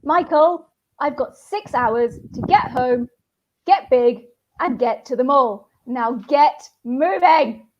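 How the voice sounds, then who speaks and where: A woman's voice: high voice, slow pace, dull audio, a little hiss or hum. Bossy young girl, read by a woman. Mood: urgent.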